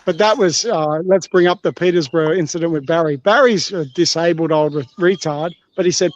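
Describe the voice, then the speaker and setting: Australian man, casual livestream guest, crude jokey rambling, slightly high voice, dry muffled audio. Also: normal speed, few pauses. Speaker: stream guest.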